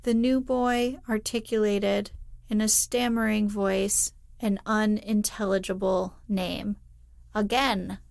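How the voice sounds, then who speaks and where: Woman, sleep story reader, very slow, soft and hushed, dry close-mic sound. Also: mid-range voice, little pitch movement, creaky, no echo. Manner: soft, hushed, drifting into whispers.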